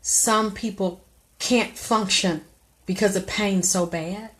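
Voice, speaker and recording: A middle-aged woman hosts a live stream, handing out blunt, profane advice in a preachy way and occasionally erupting into loud exclamations. She speaks slowly at medium pitch with fairly even intonation.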